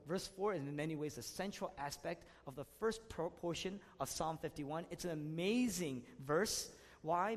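A man preaching a sermon, swinging between loud emphatic passages and hushed, intimate ones. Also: on the high side. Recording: long hall reverb.

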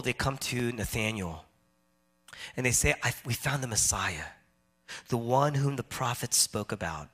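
A man preaching a sermon, swinging between loud emphatic stretches and hushed, quiet ones. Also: medium pitch. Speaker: pastor.

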